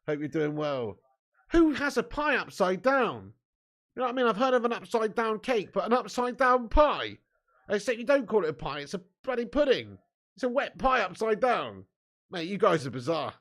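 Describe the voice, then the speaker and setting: A man with a high, very animated voice speaks at a normal pace with a slightly bright tone. He's live-streaming a football watch-along, trading laddish, sweary banter with viewers, laughing often, and mixing stream chat with match commentary.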